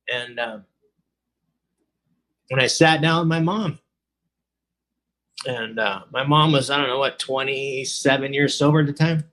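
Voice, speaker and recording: A man's voice: medium pitch, steady tone, a little slow, pauses often, fairly bright tone. A man from California telling his own recovery story at an online meeting, chatty and casual, acting out what people said and adding "you know" often. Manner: chatty, acts out quoted dialogue, says "you know" a lot. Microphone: computer mic on a video call.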